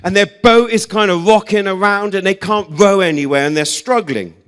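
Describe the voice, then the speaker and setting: A young English man gives a casual sermon full of funny stories. His voice sits a bit high for a man. He talks in a loose, self-deprecating way, with lots of fillers. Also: normal speed, clean tone. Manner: chatty, self-deprecating, animated storyteller with many "like"s and "um"s. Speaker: preacher.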